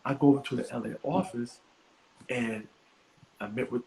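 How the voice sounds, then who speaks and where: A middle-aged man, a comedian guest on a podcast, telling a story in an animated, profane way and acting out other people's voices. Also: mid-range voice, normal speed, gravelly, slight background noise, rough recording.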